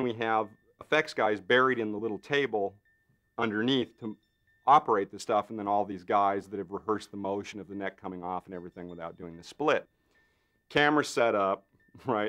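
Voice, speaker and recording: A man's voice: fairly low pitch, fairly quick. A man in an interview, a special effects artist telling a behind-the-scenes story with lots of fillers and acted-out voices. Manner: animated storyteller, acts out others' lines with lots of fillers. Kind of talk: anecdotal interview.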